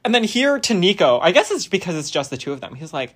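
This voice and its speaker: A woman co-hosting a podcast in casual chat, animated and jokey, laughing often. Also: on the low side, fast talker, few pauses. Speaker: podcast co-host.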